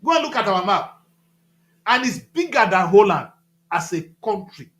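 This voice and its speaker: Nigerian male commentator, bright animated delivery, echoey room, emphatic and heated. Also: sits high, normal speed. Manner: emphatic, repetitive, rising to loud outbursts. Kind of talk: impassioned talk-show commentary.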